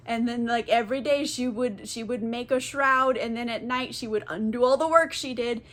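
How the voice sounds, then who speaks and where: A woman's voice: a little high, normal speed. A young woman, a little tipsy, retelling a classic book in a casual, profane, rambling way. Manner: profane, rambling, lots of fillers. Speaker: book vlogger.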